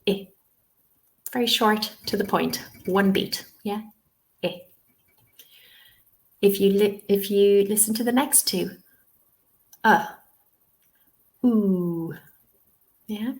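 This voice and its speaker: A woman's voice: mid-range voice, steady tone, normal speed, hardly any pauses. An Irish woman leading a webinar lesson on pronunciation, modelling sounds one by one and checking in with "okay?" as she goes. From Ireland. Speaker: TEFL trainer.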